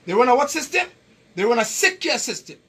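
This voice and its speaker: His voice very high-pitched, sing-song, fairly quick and a bit bright, a man with a Caribbean accent lectures an audience on health in a lively, preachy, emphatic way. The health educator repeats his points and quizzes listeners, on slightly rough audio.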